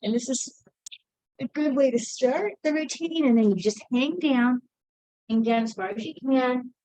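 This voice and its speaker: A woman's voice: sits high, normal speed, warm tone, poor audio. A woman teaching an energy routine, talking through each movement as she does it and a little out of breath. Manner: chatty, encouraging, narrates her own movements. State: slightly out of breath. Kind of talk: casual instructional demonstration.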